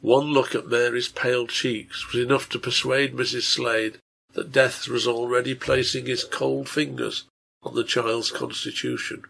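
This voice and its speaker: A man reading his own translation of a Victorian novel aloud, in measured storytelling. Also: mid-range voice, flat delivery, vocal fry, fairly bright tone, slight background noise. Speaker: reader, translator.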